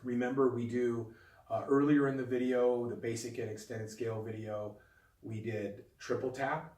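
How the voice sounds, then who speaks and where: A man teaches in a calm, patient way, talking students through each technique step by step. His mid-pitched voice sits some distance from the mic. The room around him rings with a clear echo. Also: moderate pace. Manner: calm, patient, demonstrative explaining. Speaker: flute teacher. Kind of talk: instructional video lesson. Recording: echoey room, voice a bit off-mic.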